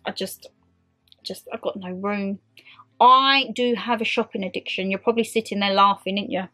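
A young British woman chatting excitedly to viewers and to her clothes in a casual haul video. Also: mid-range voice, normal speed. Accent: British English. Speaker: vlogger. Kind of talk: casual try-on haul chat.

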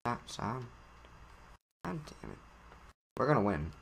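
A man doing let's-play commentary, excitable with sudden shouted outbursts. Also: medium pitch, a little slow, gravelly, a little hiss or hum. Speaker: gaming commentator.

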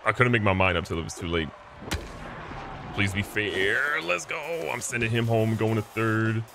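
A young man casually commentating his own baseball video game, excitable and joking, swinging between hype and mock despair. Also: lowish voice, brisk, vocal fry, over music. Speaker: gaming channel host. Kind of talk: live gameplay commentary.

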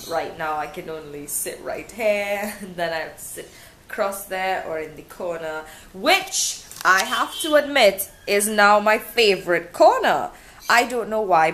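A young woman chatting casually to camera at home, rambling with many ums and restarts in a self-described pompous-sounding voice. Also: deep voice. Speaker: vlogger. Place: living room at home. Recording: roomy room with faint background noise.

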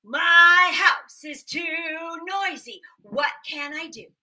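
A woman's voice: very high-pitched, drawn-out words, sharp tone, voice pushed up, full character voice. A woman voicing a fretful old man who keeps complaining about the noise in his house, drawing out his words in a whiny, sing-song way for a children's storytime.

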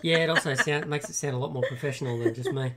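An Australian man joining a live stream for some relaxed, casual banter. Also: medium pitch, fast talker, slight background noise. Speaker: guest caller. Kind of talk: casual chat.

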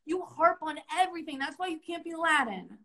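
A woman's voice: very high voice, lively intonation, fairly quick, bright, forceful tone. A young woman hosting an improvised comedy sketch on a live stream, playing a chipper career orientation leader in a bubbly, mock-cheerful way.

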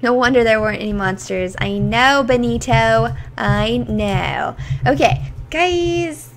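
A woman streaming a video game, chatting to viewers and squealing with excitement during the action. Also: on the high side, a little slow, slight background noise. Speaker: gaming streamer. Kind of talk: casual game commentary.

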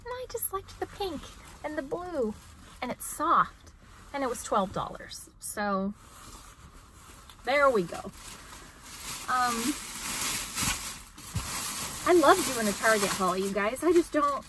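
A woman in her thirties chatting casually in a haul vlog, self-mocking and quick to laugh. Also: sits high, sing-song, a bit bright, slight background noise, low-quality recording. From United States. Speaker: vlogger.

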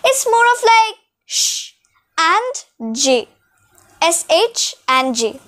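Slow, careful young-sounding female tutor. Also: extremely high pitch, very animated, fairly bright tone. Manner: slow, careful, drawing out example words. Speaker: French tutor. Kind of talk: beginner language lesson. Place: room with a whiteboard.

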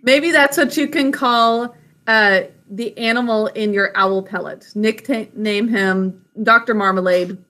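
A woman's voice: a little high, takes it slowly, bright, forceful tone. A woman teaching a spelling lesson to children, patiently sounding words out syllable by syllable over a video call.

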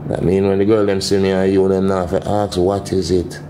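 A Jamaican man with a lowish voice chats on a casual livestream. He teases playfully and sometimes sinks into a soft, low murmur. There is a faint hum of ambience behind him. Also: monotone, quick pace. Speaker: livestream host.

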